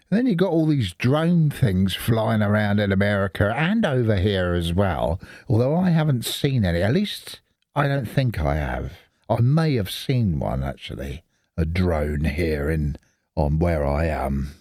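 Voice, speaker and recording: A rambling, chatty man from the Isle of Wight. His low voice is dark and mellow, but it rises and falls a lot as he talks to himself. It sounds dry and close, with no room sound. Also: sing-song, measured pace, dry recording. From Isle of Wight, England. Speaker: Linux video host. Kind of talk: casual screen-recording commentary.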